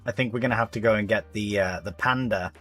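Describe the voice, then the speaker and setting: Faint music runs behind a fast-talking young man whose voice is lowish and a bit bright. He's playing a game live and rambling chattily to chat, laughing now and then and calling everyone mate.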